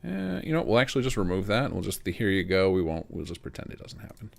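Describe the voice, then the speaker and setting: A man who streams his game modding, casually thinking aloud in rapid bursts and making joking asides. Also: low voice, very animated, creaky. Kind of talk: live commentary while modding.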